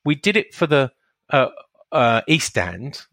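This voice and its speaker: A man's voice: medium pitch, big pitch swings, unhurried, a bit bright, no room sound. A man from England co-hosting a casual podcast, easygoing and playfully insistent. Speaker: podcast co-host. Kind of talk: casual chat.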